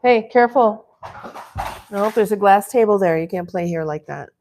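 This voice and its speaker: Lady streaming from home, chatty, keeps telling her dogs off in a playful way, mid-pitched voice. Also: moderate pace, darkish tone, slight background noise. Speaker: livestream host. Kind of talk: casual livestream chat.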